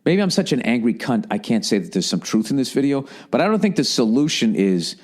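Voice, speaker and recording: A man's voice: medium pitch, very animated, a little fast, darkish tone. A man hosting a podcast, ranting in a casual, profane and rambling way, mocking himself and mimicking other people. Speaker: podcast host. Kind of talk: casual rant.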